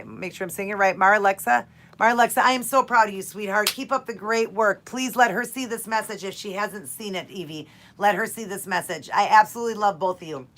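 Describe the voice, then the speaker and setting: With a medium-pitched, slightly bright voice, a woman in her forties hosts a live keto Q&A stream. She addresses viewers directly, heartfelt and repetitive.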